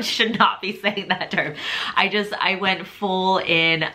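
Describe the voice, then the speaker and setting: A woman's voice: medium pitch, fairly even intonation, slow pace, bright, forceful tone. A young woman telling her personal faith testimony in a casual, rambling way, full of fillers and open emotion. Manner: chatty and rambling, heavy on fillers like "like" and "you know"; openly emotional, confessional.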